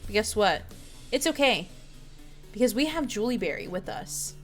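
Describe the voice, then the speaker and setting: A woman hosting a live stream in casual chat, hyper and excitable, meowing playfully at her chat. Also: mid-range voice, moderate pace, faint music behind. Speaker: streamer host.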